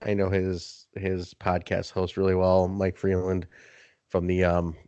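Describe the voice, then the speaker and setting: A man's voice: sits low, a little slow, no room sound, highs cut off. A man hosting a podcast, telling a story in casual chat, acting out other people's lines and swearing for effect. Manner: animated storyteller, swearing, acting out quoted voices. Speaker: podcast host.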